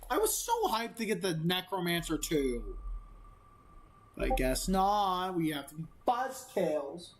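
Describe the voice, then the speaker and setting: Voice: mid-range voice, big pitch swings, a little slow, poor audio. A gaming video creator giving casual let's-play commentary, rambling and self-amused, with many fillers.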